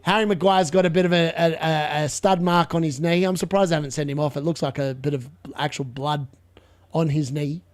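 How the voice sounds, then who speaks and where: A man with a fairly high voice talks through a live football match for his viewers. He chats and laughs, reads out messages from the chat, then shouts excited play-by-play when an attack builds. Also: fairly quick. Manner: excitable, bursts into shouted play-by-play at big moments; chatty, laughs often, reads chat aloud. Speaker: live watchalong streamer. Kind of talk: live football watchalong reaction.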